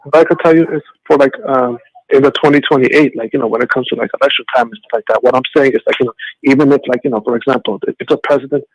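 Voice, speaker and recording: A man's voice: medium pitch, fairly even intonation, very fast, a little hiss or hum, low-quality recording. A man calling in to a radio show, rambling with constant "like, you know" fillers and stumbling restarts. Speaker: radio caller. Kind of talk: phone-in talk.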